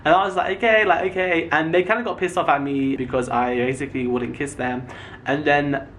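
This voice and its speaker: A man's voice: a little high, brisk, slight background noise. A man in his twenties, a YouTuber telling stories casually to camera and acting out the lines of the people in them. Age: 20s. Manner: animated, acts out quoted dialogue.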